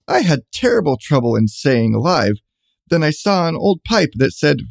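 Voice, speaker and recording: A man's voice: a little high, big pitch swings, normal speed, vocal fry, no room sound. A man reading a rhyming children's storybook aloud with a bouncy cadence.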